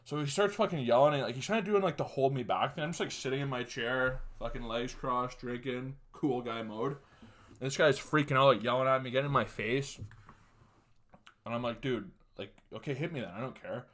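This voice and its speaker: A man's voice: medium pitch, a little fast, a bit bright. Crude young man telling a story. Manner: crude, profane, chuckling often. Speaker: podcast host. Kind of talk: casual solo storytelling.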